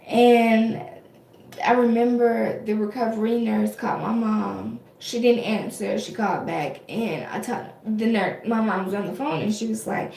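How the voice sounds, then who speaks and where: A woman's voice: a little high, unhurried, gravelly, a little mellow, a little hiss or hum. A young adult woman vlogger telling a personal story in a chatty, casual way, with many fillers and restarts. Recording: echoey room.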